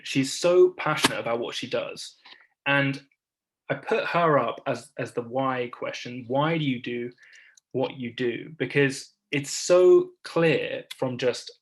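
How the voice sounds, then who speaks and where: A man's voice: medium pitch, rough recording. Casual chatty guy on a video call running a workshop, keeps restarting lines, pokes fun at himself. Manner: chatty, self-deprecating, many restarts. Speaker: workshop speaker. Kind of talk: online workshop talk.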